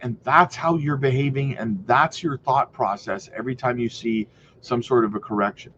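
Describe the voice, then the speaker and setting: A man's voice: medium pitch, normal speed, a bit bright, highs cut off, a little hiss or hum. A man hosting a crypto channel, talking casually to viewers in an emphatic, rhetorical way and often tagging on "right?". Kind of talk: casual commentary to camera.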